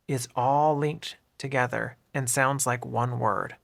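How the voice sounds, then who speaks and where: A man teaching everyday English phrases in a clear, deliberate scripted narration, modelling each phrase and explaining how words link together. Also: medium pitch, fairly bright tone.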